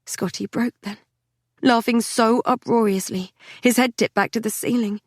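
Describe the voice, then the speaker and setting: Woman reading a dark fantasy audiobook. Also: on the high side, fairly even intonation, moderate pace, no echo, studio quality. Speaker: audiobook narrator. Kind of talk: scripted audiobook narration.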